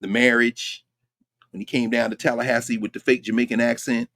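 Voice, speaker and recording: Man, host, lecture-style commentary, emphatic, rhetorical questions, medium pitch, dry sound. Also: flat delivery, brisk, fairly bright tone, dry recording.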